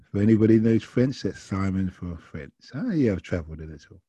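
A man tells a casual anecdote from his taxi driving, chatty and quoting his passengers. His voice is very dark and a bit husky, recorded dry and close. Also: fairly low pitch, expressive, a little fast, hardly any pauses, dry recording, highs cut off. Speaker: taxi driver telling a story. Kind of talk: casual storytelling.

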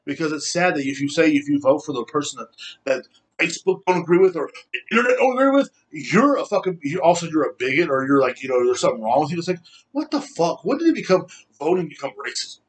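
A man in his thirties hosts a casual podcast with a somewhat husky, fairly high voice. He rants in a heated, rambling way and swears constantly. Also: sing-song, fast. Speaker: podcast host. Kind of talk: casual rant.

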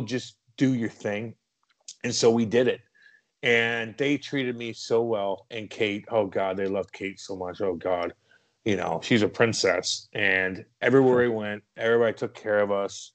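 A man from the American Midwest, a former hockey player telling stories as a guest in a casual interview, swearing freely and acting out his own past shouts. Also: mid-range voice.

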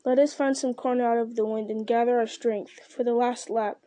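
A woman voicing a weary, earnest male hobbit who speaks gravely, in a storybook reading. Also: fairly high pitch, fairly even intonation, moderate pace, dark tone, no room sound, natural voice.

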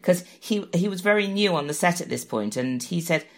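A woman's voice: fairly low pitch, expressive, a little fast. A middle-aged woman telling a self-mocking story in a chatty interview, often laughing at herself. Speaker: guest telling an anecdote. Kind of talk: animated anecdote, chatty.

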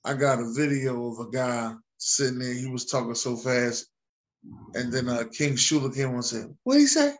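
A man's voice: mid-range voice, little pitch movement, normal speed, slight background noise. A man co-hosting a podcast in casual chat, mostly giving brief agreeing replies. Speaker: podcast co-host.

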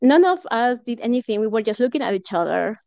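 A woman's voice: on the high side, sing-song, quick pace, creaky, no echo, muffled recording. A woman from Peru, a podcast guest, telling a personal story in casual chat with lots of fillers and laughs. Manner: warm storytelling, laughs often, many fillers. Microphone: home podcast mic.

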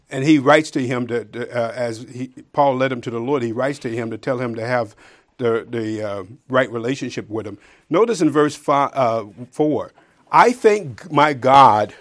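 A man preaching a sermon, reading scripture slowly and swinging between loud emphatic peaks and quiet asides. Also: mid-range voice. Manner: reads scripture aloud slowly and deliberately.

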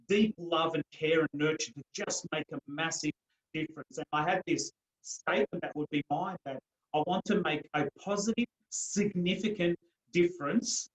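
Earnest man with a slightly high, roomy voice. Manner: earnest and emphatic, with frequent repeated words. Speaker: guest, coach and mentor. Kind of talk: personal storytelling in a podcast interview.

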